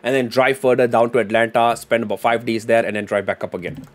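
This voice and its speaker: A man's voice: medium pitch, flat delivery, fast talker. A young man from Singapore chatting casually on a livestream, joking and rambling. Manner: joking, rambling, lots of fillers and "bro". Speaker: streamer.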